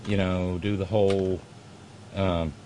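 A male radio host talks straight to his listeners in a loose, meandering way, circling back and restarting his sentences. His voice sits on the low side. A faint hum of room noise runs under him. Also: level tone, takes it slowly, dark tone. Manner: rambling, many restarts and fillers. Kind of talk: casual monologue to listeners.

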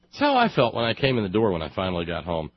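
Animated sarcastic male commentator. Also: low-pitched, fast, no echo. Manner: sarcastic, animated storytelling with comic outbursts. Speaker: radio commentator. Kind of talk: monologue. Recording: muffled lo-fi recording.

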